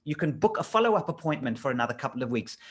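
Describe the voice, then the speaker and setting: A man's voice: mid-range voice, very animated, rapid-fire. Enthusiastic man coaching in casual talk. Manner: enthusiastic, conversational, pushes points with rhetorical questions. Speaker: LinkedIn trainer.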